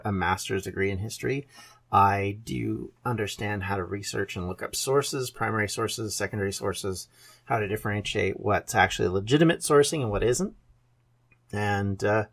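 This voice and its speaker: A Canadian man in his fifties with a Canadian accent, hosting a solo podcast in a relaxed, rambling way with fillers and self-deprecating asides. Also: on the low side, creaky. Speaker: podcast host. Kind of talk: casual solo podcast monologue.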